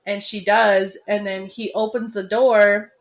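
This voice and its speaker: Woman co-host, casual chat, excitable and rambling. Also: medium pitch, a little slow. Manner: excitable, laughs easily, rambling. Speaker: podcast co-host. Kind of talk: casual chat about a film.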